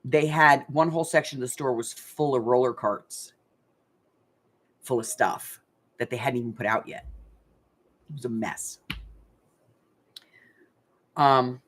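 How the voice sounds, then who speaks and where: An older woman hosting a craft channel, chatting casually as she tells a story with lots of fillers and animated retelling. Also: very deep voice, a little slow, pauses often, slightly rough.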